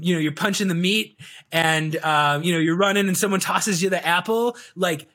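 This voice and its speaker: A man guesting on an interview show, talking in a casual, animated and rambling way with lots of fillers. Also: high-pitched. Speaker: guest, video coach.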